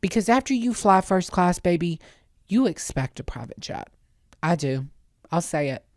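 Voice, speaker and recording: A woman's voice: on the low side, lively intonation, normal speed, a little mellow, no echo, clean studio sound. A woman podcast host delivering a casual, sassy comedic monologue with exaggerated rants.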